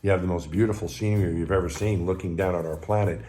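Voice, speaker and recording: A man who was an astronaut, telling personal anecdotes to the camera in a relaxed conversational way. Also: low-pitched, quick pace. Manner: anecdotal, conversational, warm retelling with acted quotes. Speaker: retired astronaut. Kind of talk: storytelling talk to camera.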